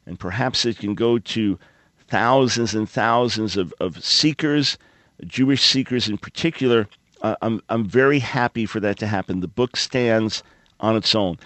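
A man's voice: medium pitch, a little slow, a bit bright, no room sound. A man hosting a call-in radio show, teaching from the Bible in an earnest, emphatic and conversational way into a studio microphone. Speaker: radio talk show host.

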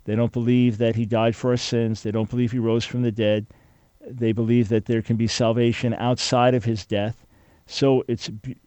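An emphatic male radio host who talks a caller through his points with earnest, steady conviction. His voice is warm and mellow, and it is recorded dry and close with no room sound. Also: medium pitch, no room sound. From Jewish follower of Jesus. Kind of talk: call-in radio talk.

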